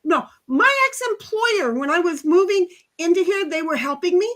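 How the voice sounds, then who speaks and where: Chatty high-voiced woman hosting a livestream. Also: expressive, normal speed. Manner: rambling, chatty, laughs often, acts out quotes. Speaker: livestream host. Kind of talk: casual chat reading out live chat.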